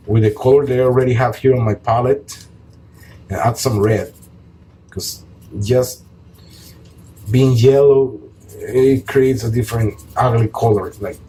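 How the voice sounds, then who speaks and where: Mellow-voiced man teaching painting. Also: mid-range voice, low-quality recording. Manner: calm, relaxed explaining while painting, with pauses and fillers. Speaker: art teacher. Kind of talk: step-by-step painting tutorial.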